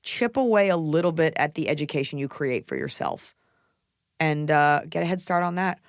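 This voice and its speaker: A woman in her thirties hosts a casual advice chat, blunt and brash, tossing out swear words. Her voice carries a gravelly fry, recorded close and dry with no room sound. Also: sits low, sing-song, normal speed, no echo. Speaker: podcast host.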